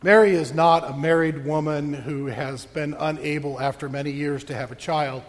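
High-voiced pastor in a reverberant church. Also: male voice, steady tone, normal speed. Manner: playful, joking with the congregation. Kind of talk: sermon.

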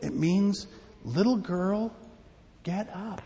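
A man giving a children's sermon as pastor, telling a story in an animated way and asking the children questions. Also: sits high, takes it slowly, creaky, big-room sound, highs cut off. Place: church.

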